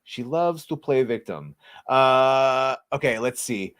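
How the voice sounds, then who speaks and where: A man co-hosting a podcast in loose, profane chat with a sarcastic, rambling delivery. His voice sits in an ordinary middle pitch. The sound is dry and close. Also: expressive, slow pace, fairly bright tone, clear, resonant tone, no room sound. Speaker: podcast co-host. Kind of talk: casual chat.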